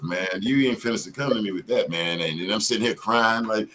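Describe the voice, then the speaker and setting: A middle-aged man hosting a live stream with a lowish voice. He rambles casually, full of slang and profanity. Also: fairly quick, a bit bright.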